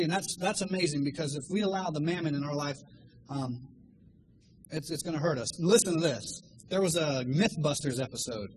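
A man in his thirties preaching a sermon, telling stories with animated energy and acting out voices. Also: a little high, slight background noise, low-quality recording. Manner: animated storytelling, acts out voices. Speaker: lay preacher.

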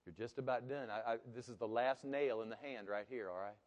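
A man preaching a sermon as pastor, swinging between hushed and loud delivery. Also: mid-range voice, a little fast, lo-fi sound. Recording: long reverb of a large hall.

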